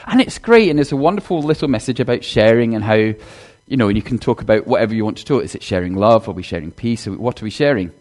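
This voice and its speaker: Animated man giving a sermon. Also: on the low side, quick pace, few pauses. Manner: chatty, animated, addresses congregation directly. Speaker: minister. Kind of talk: sermon with children's talk. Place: church.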